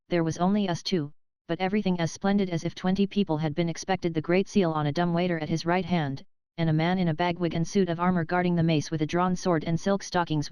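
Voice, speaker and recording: A woman reading the part of a pompous, boastful middle-aged male attorney who rambles and clears his throat. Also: fairly low pitch, darkish tone, no echo, dull audio, lightly acted.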